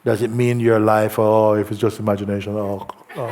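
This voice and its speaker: Man, spiritual teacher, gentle, low voice, unhurried, faint background ambience. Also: flat delivery, crowd noise, background noise. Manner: slow, gentle, soft-spoken with long pauses. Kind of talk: satsang talk, reading a letter aloud. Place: outdoor gathering with faint ambience.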